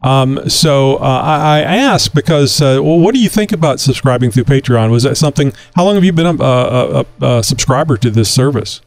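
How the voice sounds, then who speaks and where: A man's voice: medium pitch, lively intonation, fairly quick, hardly any pauses, no echo. A man from Texas hosting a casual talk show, rambling with many fillers. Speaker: podcast host.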